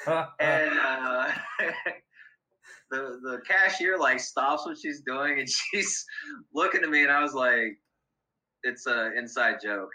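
A man's voice: a little high, slow pace, pauses often, sharp tone, poor audio. A man telling a funny story as a podcast guest, laughing often and talking with many fillers. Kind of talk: casual storytelling.

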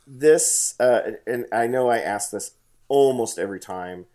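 A man's voice: mid-range voice, unhurried, darkish tone. A man leading a casual bible study conversation, hesitant with many fillers and restarts, reading scripture aloud. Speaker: bible study discussion leader.

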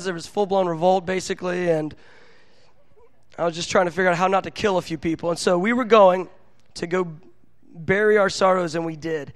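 Animated, self-mocking male preacher. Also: sits high, dry recording. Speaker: pastor. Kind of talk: storytelling sermon.

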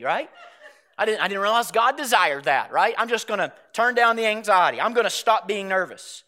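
A man preaching a sermon, animated, often asking the congregation questions and rising to loud, emphatic stretches. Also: high voice, brisk. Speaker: pastor.

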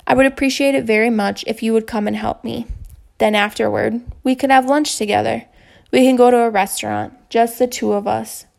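Woman doing a kind counselor lady, soft and reassuring, bit of vocal fry. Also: a little high, fairly even intonation, brisk. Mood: gentle. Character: gentle patient woman school counselor.

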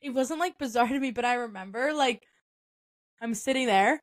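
This young woman's voice sits on the high side, moving at normal speed with no echo. As a podcast co-host she's chatty and relaxed, sprinkling in "like" and "um" and laughing a lot.

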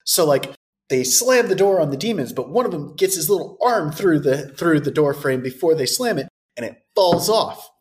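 Lively sarcastic podcast co-host. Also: mid-range voice, normal speed. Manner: animated, sarcastic, swears freely. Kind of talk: casual movie recap chat.

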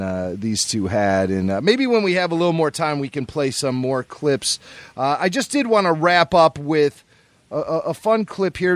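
Lively joking podcast host. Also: male voice, a little high, no echo. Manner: enthusiastic, joking. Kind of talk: casual podcast chat.

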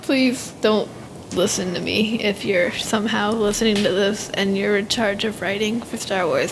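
A teenage girl chatting casually as a podcast co-host, rambling and giggly, telling animated stories. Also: medium pitch, moderate pace, noisy background. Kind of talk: casual fan chat.

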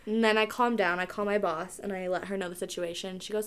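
A young woman co-hosting a podcast, telling a story in casual chat, animated and full of "like". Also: medium pitch, fast, smooth. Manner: animated, filler-heavy storytelling with lots of "like". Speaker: podcast co-host.

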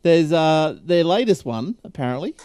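A man's voice: fairly high pitch, expressive, normal speed, darkish tone, no room sound, studio quality. A man hosting a casual tech podcast, rambling and chatty with frequent laughs. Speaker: podcast host.

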